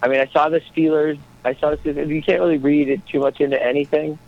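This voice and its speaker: A man's voice: on the high side, steady tone, fast talker. A man calling into a casual sports talk show from a small airport, joking and rambling. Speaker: co-host calling in. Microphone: phone call. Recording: muffled phone line.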